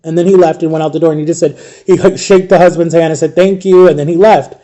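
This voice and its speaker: A man in his thirties with a slightly high, mellow voice tells a story from his own life. He rambles casually and lets his voice fall almost to a hush when the memories get heavy. He is from Ohio. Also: steady tone, quick pace. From Ohio, USA. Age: 30s. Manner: rambling, softens to a hush at emotional moments. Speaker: vlogger.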